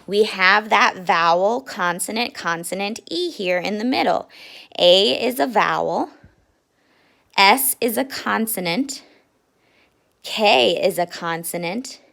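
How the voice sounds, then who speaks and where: A woman's voice: medium pitch, creaky, pushed and bright. Patient woman teaching young children. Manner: patient, speaks to young learners, sounds out words slowly. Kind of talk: children's lesson.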